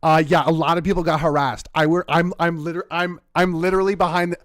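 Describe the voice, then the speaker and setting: Male commentator from Canada, mocking and animated, higher-pitched, dry sound. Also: fast, no room sound. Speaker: commentator reacting to a news clip. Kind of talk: casual political commentary.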